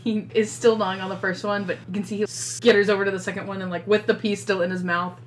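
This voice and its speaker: A woman running a tabletop game, narrating scenes in an easygoing, chatty way. Her voice sits at an ordinary pitch, and faint background noise runs under the recording. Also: little pitch movement, fast talker. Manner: casual, laughing, puts on voices for characters. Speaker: game master.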